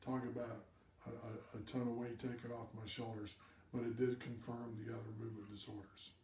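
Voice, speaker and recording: A man's voice: medium pitch, little pitch movement, a little fast, darkish tone, echoey room, recorded from a distance, a little hiss or hum. A man hosting a live video cast, giving direct advice to viewers and repeating words for emphasis.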